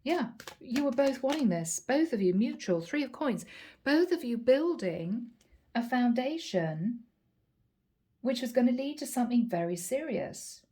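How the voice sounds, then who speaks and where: A tarot reader from Ireland offers a channeled reading, chatty and prone to drawing out words for emphasis. Her fairly high voice is sing-song with a dark tone.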